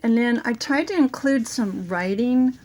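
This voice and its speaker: Slow-talking raspy woman crafter. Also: on the high side, a little mellow, slight background noise. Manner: slow, chatty, with many fillers. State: raspy, sore throat after illness. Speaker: crafting channel host. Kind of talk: casual show-and-tell craft video.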